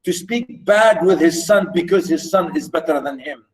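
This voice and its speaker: In a recorded literature lecture with poor audio, a man with a voice on the high side speaks at a moderate pace. He explains a passage by restating his points again and again with emphasis.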